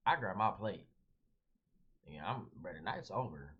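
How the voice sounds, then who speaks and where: A young man with a fairly low voice tells a story in casual vlog style. He is animated and slangy, dropping "bro" constantly. The audio is dull and lo-fi. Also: a little slow, breathy edge. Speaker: vlogger.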